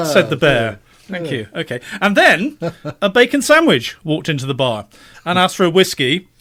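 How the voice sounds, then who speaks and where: A man's voice: high-pitched, very animated, moderate pace, heavy background noise. An older man doing a stand-up routine, self-deprecating and laughing at his own jokes. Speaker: stand-up comedian. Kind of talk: stand-up joke telling.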